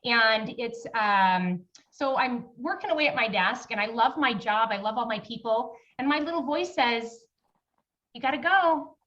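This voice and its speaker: Brief: earnest woman guest, bright and fairly high-voiced, story told casually, dull lo-fi mic a bit far off. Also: normal speed, few pauses. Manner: earnest, relaxed; recounts events by acting out dialogue. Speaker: podcast guest. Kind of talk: conversational storytelling.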